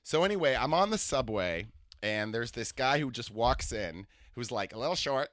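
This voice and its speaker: A man's voice: medium pitch, expressive, moderate pace, fairly bright tone, dry recording, studio quality. A man hosting a comedy podcast, telling stories in a rambling way and often breaking off mid-sentence. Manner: rambling, self-interrupting storytelling. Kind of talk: comedic solo monologue.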